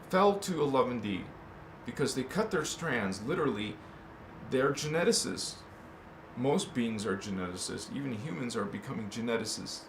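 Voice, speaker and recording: A man hosting a spiritual talk, rambling between quiet musing and impassioned shouts. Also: mid-range voice. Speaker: spiritual channel host. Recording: echoey room with faint noise.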